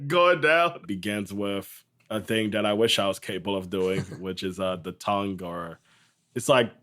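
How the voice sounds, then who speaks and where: A man's voice: lowish voice, a bit bright. Laughing, rambling young man talking music. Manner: enthusiastic, rambling, laughs often. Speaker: podcast co-host. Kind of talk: casual music discussion.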